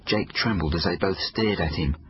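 A man reading his own children's book aloud, expressive storytelling. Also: deep voice, moderate pace, highs cut off, a little hiss or hum. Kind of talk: audiobook narration for children.

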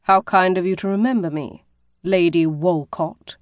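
A woman voicing a confident, wealthy gentleman with a drawling, urbane, mocking manner. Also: lowish voice, lively intonation, unhurried, dry recording, clean studio sound.

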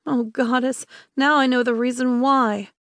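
A woman's voice: fairly high pitch, animated, moderate pace, no room sound, natural voice. A woman narrator voicing a mischievous, flustered young witch who bursts into exasperated, whiny exclamations. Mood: frustrated.

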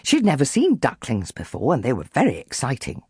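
A woman narrating a children's audiobook with lively, animated storytelling. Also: very deep voice, a little fast, breathy edge, no echo, studio quality.

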